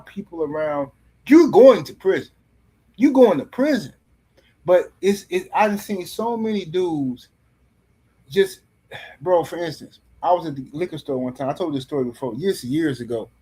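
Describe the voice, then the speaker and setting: Husky middle-aged man telling a story. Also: fairly high pitch, normal speed. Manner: animated, blunt and profane, with many restarts. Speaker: podcast panelist. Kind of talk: casual storytelling.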